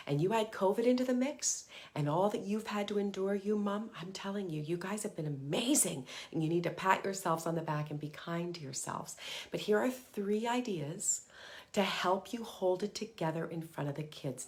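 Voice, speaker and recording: A middle-aged woman hosting a live motivational talk for moms, earnest and emphatic, sometimes dropping to a whisper for short mantras. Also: fairly low pitch. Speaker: parenting coach and host.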